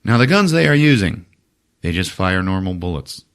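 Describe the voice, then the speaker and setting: A man hosting a podcast, retelling a film in a casual, profane, animated way. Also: deep voice, moderate pace. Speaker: host. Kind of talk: casual chat.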